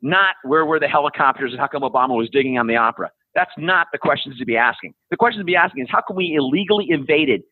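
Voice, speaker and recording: A blunt man in his fifties rants through a tinny, phone-like line, his voice dry and close. He talks in a fairly high, husky register, profane and sarcastic. He mocks people as he goes. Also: animated, fast talker, hardly any pauses, no room sound. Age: 50s. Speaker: podcast guest. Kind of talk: ranting casual conversation.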